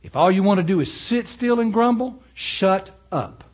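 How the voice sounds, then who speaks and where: A man preaches a sermon in a folksy, animated way. His voice sits a little high for a man, and he slips easily into stories and side remarks. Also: normal speed. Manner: folksy, animated storytelling with asides. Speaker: pastor.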